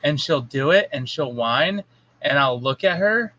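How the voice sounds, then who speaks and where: A man's voice: fairly high pitch, animated, a little slow, pushed and bright, highs cut off. A man on a podcast in casual chat, blunt and swearing, telling stories about parenting. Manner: blunt, swears, acts out his stepdaughter in quotes. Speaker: podcast co-host.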